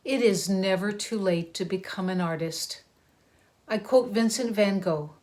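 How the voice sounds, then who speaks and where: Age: middle-aged. Sex: woman. Role: program chair speaking to graduates. Pace: very slow. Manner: earnest, deliberate, ceremonial. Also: mid-range voice, darkish tone. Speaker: art school program chair. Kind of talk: recorded commencement address.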